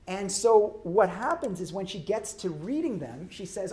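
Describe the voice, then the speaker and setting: A man's voice: high voice, animated, normal speed, hardly any pauses, darkish tone. A middle-aged man, a law professor, giving a conversational public lecture and often checking in with his audience. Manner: conversational, checks in with frequent "right?". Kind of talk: academic lecture.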